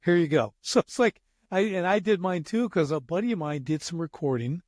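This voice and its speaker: A man's voice: sits high, lively intonation, a little fast, a little mellow, dry recording, clean studio sound. A man in his sixties hosting a podcast interview, telling rambling anecdotes in casual chat. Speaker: podcast host.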